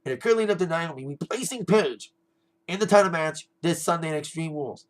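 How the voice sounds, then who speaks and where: A chatty young man rambles through a casual spoken review with a slightly high voice. He repeats himself often, laughs now and then, and keeps a loose, offhand flow. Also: brisk, rough recording. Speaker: wrestling show reviewer.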